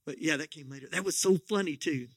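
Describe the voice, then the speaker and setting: A man's voice: a little high, fast, husky, no room sound, studio quality. A middle-aged man preaching a sermon as pastor, telling a story in a folksy, joking way with many restarts.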